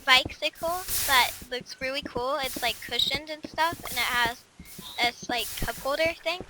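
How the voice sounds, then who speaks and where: A woman's voice: high voice, a little slow, bright, forceful tone, a little hiss or hum, rough recording. A female let's-play host in casual gaming chat, chatty and giggly, rambling with lots of fillers.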